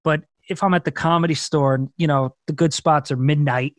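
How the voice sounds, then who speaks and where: A man's voice: fairly high pitch, a little fast, dry recording. A man in his thirties, a stand-up comedian guest on a podcast, telling stories with swearing and acted-out quotes. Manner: animated storytelling with profanity and acted-out quotes. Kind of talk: casual podcast conversation.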